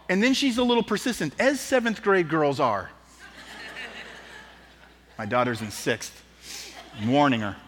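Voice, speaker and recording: A man preaching a sermon, telling the story vividly and acting out the quotes in an auditorium. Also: medium pitch. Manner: lively storytelling, acts out quotes. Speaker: pastor. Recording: long reverb in an auditorium.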